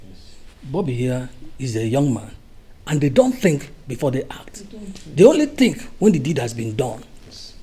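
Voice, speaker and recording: A man's voice: mid-range voice, very animated, moderate pace, long pauses, dark tone, husky. An actor with a Nigerian accent playing an elder relative formally pleading on a young man's behalf. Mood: persuasive. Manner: formal, persuasive.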